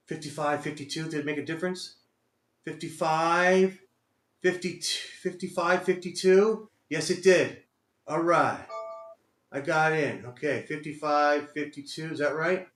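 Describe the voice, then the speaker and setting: A man from Texas narrates his trades live, muttering and then shouting in frustration at the charts. His voice sits fairly high for a man. The room around him is echoey. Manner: talks to himself, frustrated, exclaims at the market. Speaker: day trader streaming live. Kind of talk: live trading commentary.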